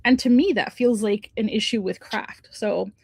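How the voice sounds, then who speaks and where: A woman's voice: mid-range voice, moderate pace, creaky, breathy edge, no echo. A woman in a casual book club chat on a video call, talking animatedly and saying "like" often. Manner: animated, uses like a lot, laughs easily.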